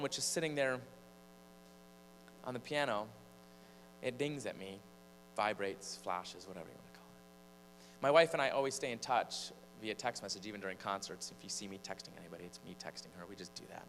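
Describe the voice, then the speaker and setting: Fairly quick and fairly low in pitch, this man from Michigan, who preaches and sings, recounts something from his own life to a big congregation. He's lively and keeps the tension rising, while the church's long echo and a slight electrical hum color the sound.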